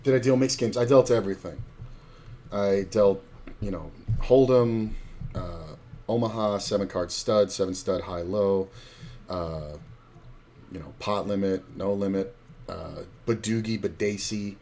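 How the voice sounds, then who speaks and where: A man's voice: on the low side, a little slow, dark tone, a little hiss or hum. A middle-aged man who streams, telling casual, rambling poker stories with plenty of swearing and acted-out quotes.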